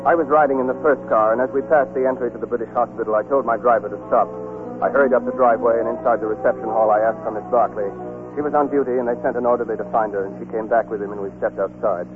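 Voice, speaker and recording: An actor playing a reserved young ambulance officer who also narrates, in a quiet, understated way, in an old radio play. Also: male voice, medium pitch, steady tone, fast talker, close to an everyday voice. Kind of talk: 1940s radio acting. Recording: tinny old radio broadcast with music.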